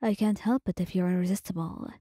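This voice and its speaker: A woman voicing a flirtatious, smirking adult male swordsman in a soft whispered role-play. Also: on the low side, a little fast, no echo, clean studio sound, lightly acted. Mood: teasing. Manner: smirking, teasing.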